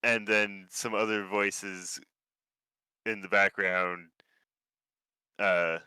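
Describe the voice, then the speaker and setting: A man narrating a tabletop game as game master, in an unhurried, halting way with fillers. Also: on the low side, fairly even intonation, sharp tone, clean tone, no room sound.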